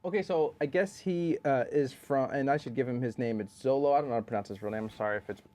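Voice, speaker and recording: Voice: medium pitch, fast talker, mellow. A podcast co-host talking about a movie in casual chat, joking and self-deprecating, with long rambling asides.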